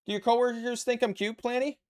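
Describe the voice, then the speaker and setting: His voice is very high-pitched yet flat, fairly quick, and a little mellow. He's a Canadian man with a matching accent, chatting casually and joking around with viewers as he assembles a model kit on a live stream.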